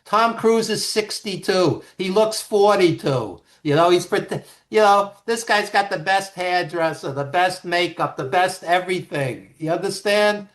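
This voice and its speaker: Animated, emphatic man telling stories. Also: sits high, a little slow, hardly any pauses. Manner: animated, emphatic storyteller with frequent restarts. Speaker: guest, author and producer. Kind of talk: storytelling interview talk.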